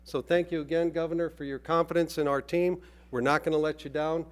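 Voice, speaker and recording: A man delivers a formal, measured speech from a podium. His voice sits a little high for a man, and he pauses now and then with a hesitant "uh.". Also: steady tone. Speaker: executive speaking at a press event.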